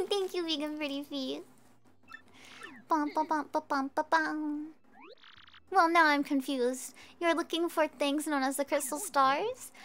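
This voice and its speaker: A woman streamer chatting casually with viewers while she plays a game, bubbly and quick to giggle. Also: high-pitched, slight background noise. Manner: bubbly, giggly, easily excited. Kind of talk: casual gameplay chat.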